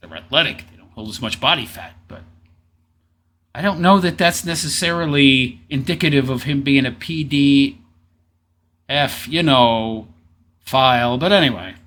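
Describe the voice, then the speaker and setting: A man's voice: medium pitch, moderate pace, a bit bright. A man commenting sarcastically over an interview clip, mocking and talking back at it. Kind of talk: casual reaction commentary.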